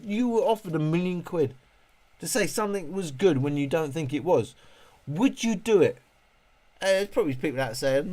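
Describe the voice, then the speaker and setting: This livestream host, reviewing speakers, keeps rambling and joking, moaning, swearing, and laughing often as he goes. His voice sits on the high side, and he's very animated and brisk.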